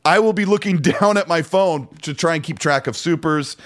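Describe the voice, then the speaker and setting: A man's voice: fairly high pitch, moderate pace, a bit bright. A man hosting a podcast in casual chat, laid-back and rambling, with plenty of filler words. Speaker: podcast host.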